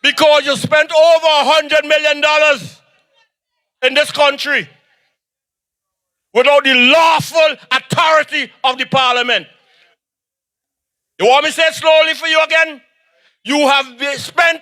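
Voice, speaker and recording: A man with a Vincentian accent delivers a campaign speech at an outdoor rally. He shouts, driving his points home with rhythmic repetition. His voice is very high and bright. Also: a little slow, long pauses. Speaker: political speaker.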